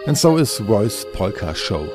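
A man giving scripted documentary narration in a measured, lightly wry manner. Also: lowish voice, sing-song, over music.

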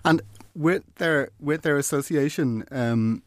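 A man's voice: on the high side, slow, dry recording. A man hosting a podcast interview, easygoing and prompting his guest with short questions. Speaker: podcast host. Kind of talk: conversational interview.

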